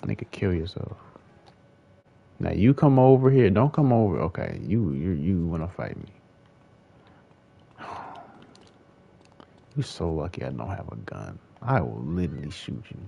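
A man's voice: a bass voice, very animated, moderate pace, vocal fry, pauses often, muffled recording. A young man giving casual gameplay commentary, frustrated and swearing as he talks to himself. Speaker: gaming streamer.

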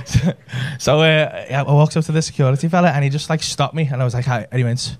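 A man's voice: on the high side, fairly even intonation, fast. A man, telling a brash, sweary story in a stand-up set. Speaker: stand-up comedian. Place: comedy club stage with audience laughter.

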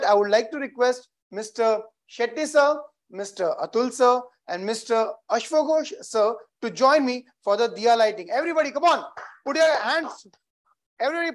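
A man with an Indian accent hosting a virtual corporate event, cheering the audience on with energy and repeating rallying phrases. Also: very high voice. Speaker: event host.

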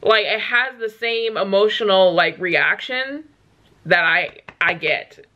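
A woman's voice: medium pitch, slow pace, bright, forceful tone, dull audio. A woman hosting a casual music reaction video, gushing and exclaiming with lots of "like" and "um". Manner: gushing, exclamatory, chatty with many fillers. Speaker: reaction channel host.

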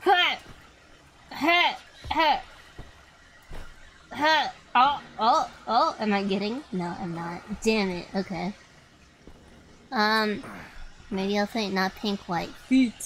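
A young woman streaming a game, chatting to her viewers with lots of swearing and sudden excited outbursts. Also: mid-range voice, slow pace, slight background noise, low-quality recording. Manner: excitable, swears freely, talks to chat. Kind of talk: live gameplay commentary.

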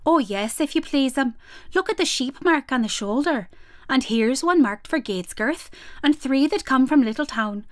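A woman's voice: high-pitched, animated, normal speed, dry recording, clean studio sound. A woman voicing an anxious, stout little hedgehog washerwoman who speaks in a humble, fussy, polite country way, read aloud from a storybook.

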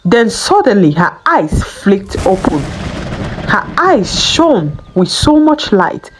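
Slow, lilting woman storyteller. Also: medium pitch, very animated, over music, poor audio. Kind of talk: scripted folktale narration.

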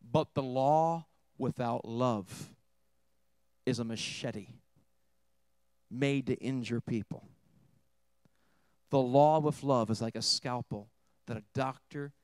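A pastor preaches a sermon in a mid-pitched voice, telling a story in a quiet, intimate tone before rising to emphatic points, swinging between hushed and forceful. The recording is dry and close.

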